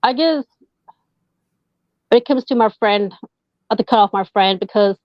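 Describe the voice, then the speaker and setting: A tarot reader appears as a podcast guest, chatting casually and hesitantly with lots of fillers in an interview-style talk. Her mid-range voice is at normal speed, and the sound is dull, dry, and lo-fi with no echo.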